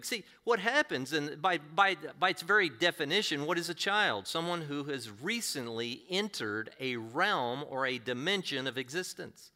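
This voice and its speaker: A male pastor delivers an earnest sermon in a bright, forceful voice sitting a little above the usual male range. He talks in a conversational way and keeps asking his listeners rhetorical questions. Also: fairly high pitch, lively intonation, a little slow.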